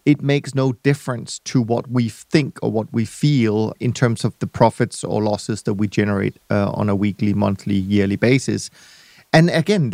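A man hosting a podcast, speaking in a measured, hesitant way as he searches for words. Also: medium pitch, darkish tone, no echo, clean studio sound. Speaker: podcast host. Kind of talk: casual conversation.

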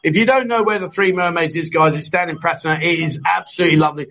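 A man's voice: on the high side, fast, a bit bright. A man hosting a live chat show, teasing his guests and laughing often as he reads out viewer comments. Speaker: host. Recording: dull lo-fi stream audio.

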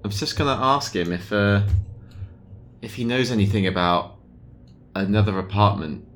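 A man's voice: lowish voice, moderate pace, a bit bright, slight background noise. A man playing a tabletop role-playing game, making dry jokes as he chats. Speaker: player. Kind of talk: casual tabletop game chat.

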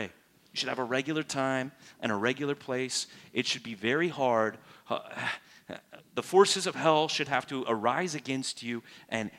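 A man preaching a sermon as a pastor, asking his congregation direct questions and jumping up in pitch and volume to make a point. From United States. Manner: animated, rises sharply for emphasis and mock-prayer voices.

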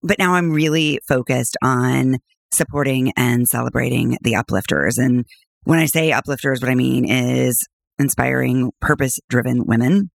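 Husky-voiced woman with a cold. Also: a bass voice, normal speed, no room sound, clean studio sound. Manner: bubbly, laughs often. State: has a cold. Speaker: podcast host and mindset coach. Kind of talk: casual podcast chat.

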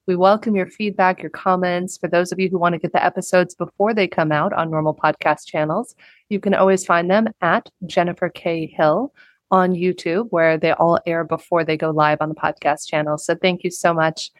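A woman hosting a podcast interview, who speaks in a warm, encouraging and effusive way. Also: on the low side, steady tone, moderate pace, no room sound. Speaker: podcast host.

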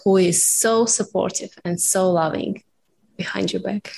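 A woman hosts an interview, responding to her guest with affirmations and building her questions at length before she asks them. Her voice sits at a middle pitch with a faint hiss behind it. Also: steady tone, unhurried, creaky, a little mellow. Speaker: podcast host.

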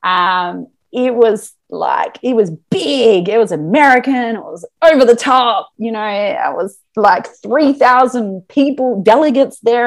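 A woman talking as a podcast guest in a casual interview, chatty and animated with plenty of fillers. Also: fairly high pitch, unhurried, hardly any pauses. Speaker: podcast guest, marketing business owner.

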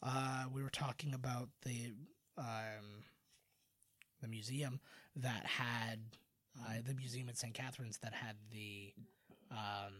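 A man's voice: medium pitch, takes it slowly, pauses often, no room sound. A man from Canada co-hosting a podcast, chatting casually and animatedly, often laughing. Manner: animated, laughing, slips into mock accents. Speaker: podcast co-host. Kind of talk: casual chat.

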